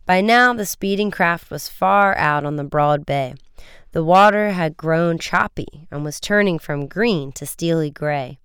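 A man's voice: a little high, a bit bright, clean tone, no echo, clean studio sound. A man reading an adventure story aloud as a narrator, slipping into voices for the boys in the dialogue. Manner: does quick character voices for the boys in dialogue. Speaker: audiobook reader. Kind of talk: scripted narration.

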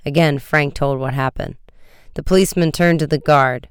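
An audiobook narrator with a very smooth, resonant voice telling an adventure story at a brisk clip. The recording is close and dry, with no room sound around it. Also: mid-range voice, fairly even intonation, no room sound. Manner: brisk, vivid storytelling with raised shouts for dialogue.

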